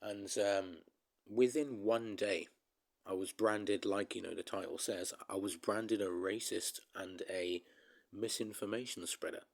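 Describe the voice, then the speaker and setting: A man's voice: fairly low pitch, fairly even intonation, unhurried, creaky. Rambling, emphatic man ranting. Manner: rambling, emphatic, addresses viewers as guys. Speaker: vlogger. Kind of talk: casual ranting vlog to viewers.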